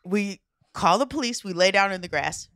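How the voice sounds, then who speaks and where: A woman guest comedian tells a story with a lively, swooping pitch. She acts out the other people in the story. Her voice sounds close and dry. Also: moderate pace, no echo.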